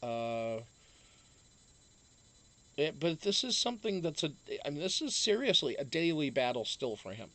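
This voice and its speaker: A man's voice: fairly high pitch, very animated, moderate pace, long pauses, fairly bright tone. A man from Massachusetts, hosting a casual live stream, rambling with many fillers and restarts.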